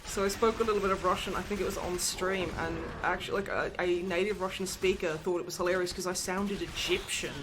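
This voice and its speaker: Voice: medium pitch, steady tone, quick pace, few pauses, a crowd in the background, rough recording. A streamer chatting casually on a livestream, laughing often and drifting onto tangents. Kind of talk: casual group chat on a livestream.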